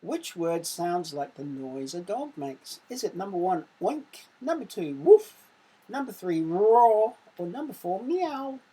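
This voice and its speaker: Casting: English woman, primary teacher, low husky voice, unhurried quiz reading with punchy sound words. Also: big pitch swings, warm tone, poor audio. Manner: slow, careful quiz reading with sound-effect emphasis. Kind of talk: recorded online lesson.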